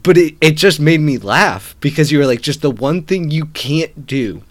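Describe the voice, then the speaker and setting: A man's voice: fairly high pitch, lively intonation, normal speed. A man in a casual gaming chat, amused, stopping and restarting his sentences.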